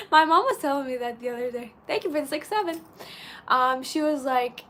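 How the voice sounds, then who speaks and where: A woman's voice: sits high, lively intonation, a bit bright. A woman hosting a casual live stream, chatting and reading out viewer comments in a bubbly way. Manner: chatty and bubbly, says she talks very fast. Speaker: livestream host.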